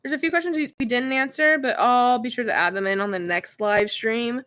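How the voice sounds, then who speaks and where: A woman's voice: on the high side, a little fast, a bit bright. A woman hosting a casual livestream, giggly and chatty as she banters with her ventriloquist puppet.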